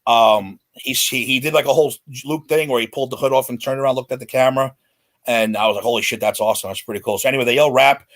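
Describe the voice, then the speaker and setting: A man in his forties, a podcast guest, telling a celebrity story in an excited, animated way. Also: mid-range voice, fast talker. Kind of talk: casual storytelling.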